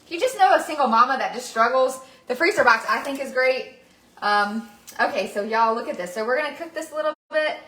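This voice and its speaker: A woman's voice: high-pitched, animated, a little fast, pushed and bright. A woman hosting a casual cooking livestream, chatty and upbeat, talking to viewers as y'all from her home kitchen. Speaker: cooking show host. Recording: echoey kitchen room.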